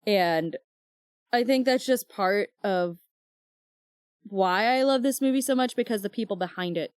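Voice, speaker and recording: A woman's voice: mid-range voice, measured pace, a little mellow, smooth, no echo, clean studio sound. A woman co-hosting a book club podcast, telling stories in casual chat with lots of fillers and acted-out quotes. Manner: chatty storyteller, many fillers, acts out quoted dialogue.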